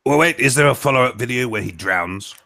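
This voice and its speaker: A man's voice: mid-range voice, lively intonation, fairly quick, creaky, pushed and bright. A man teasing and sarcastic in a casual chat.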